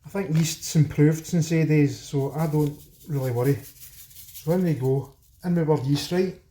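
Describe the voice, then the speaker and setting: A man's voice: fairly high pitch, steady tone, a little slow, dark tone. A Scottish man hosting a home cooking video, chatting cheekily to his viewers as he works in his kitchen. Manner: chatty, cheeky, talks straight to viewers as folks. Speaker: home cooking channel host. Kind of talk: casual cooking demo talk. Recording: roomy echo, faint background noise.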